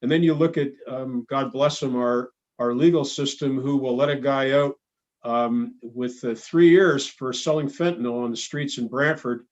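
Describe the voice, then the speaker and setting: A Canadian man speaks at a council meeting in a mid-range voice, halting and blunt, full of restarts. The audio is dull and lo-fi. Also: medium pitch, fairly even intonation. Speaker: city councillor.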